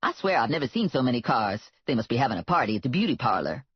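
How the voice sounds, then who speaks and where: The narrator voicing a loud, sassy woman sidekick who talks in a brassy, bossy, slangy way. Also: medium pitch, very animated, quick pace, breathy edge, no room sound. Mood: chatty. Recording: dull lo-fi, dry.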